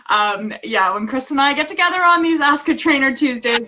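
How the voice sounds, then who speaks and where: A woman's voice: sits high, lively intonation, brisk, hardly any pauses, pushed and bright, highs cut off, a little hiss or hum. A woman hosting a fitness chat over a video call, talking casually and laughing through her words. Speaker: fitness trainer host.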